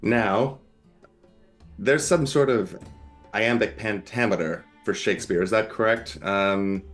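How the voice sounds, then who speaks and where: A man's voice: lowish voice, slow pace, faint music behind. A man guest in a casual chat, joking and self-deprecating as he gets ready to read. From not American.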